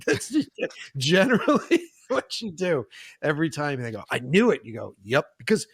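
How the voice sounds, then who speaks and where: A man's voice: on the high side, moderate pace, slightly rough, dry recording, clean studio sound. A man, a film director, telling stories on a podcast in a casual chat, acting out quotes and swearing freely. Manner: animated storyteller, acts out quotes, swears freely.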